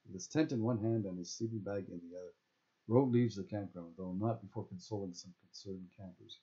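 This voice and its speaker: A man's voice: sits low, a little fast, dark tone. Man reading his own novel, self-correcting. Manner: stumbles and corrects himself mid-sentence. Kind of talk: audiobook-style reading of own fiction. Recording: dull lo-fi recording.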